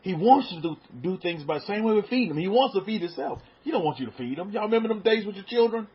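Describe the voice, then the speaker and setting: Husky preacher man, lo-fi recording. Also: high voice, lively intonation, fast talker. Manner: conversational, repeats words, soft asides. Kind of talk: sermon. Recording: dull lo-fi sound.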